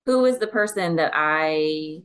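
A woman's voice: low voice, animated, a little slow, a bit bright. A woman co-hosting a podcast, talking in an encouraging, reflective way. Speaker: podcast co-host. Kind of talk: casual chat.

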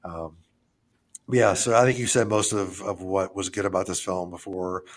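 A man with a fairly low voice talks through horror movies with his co-host in loose, rambling chat. He trails off, restarts, and drops casual swearing as he goes. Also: steady tone, moderate pace. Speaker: podcast co-host.

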